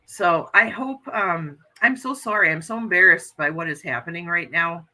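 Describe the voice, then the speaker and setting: An American woman in middle age hosts a relaxed livestream, chatting earnestly and reading her viewers' comments aloud. Her voice is very bright and slightly low-pitched. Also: moderate pace, low-quality recording. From United States. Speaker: livestream host reading chat. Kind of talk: casual chat.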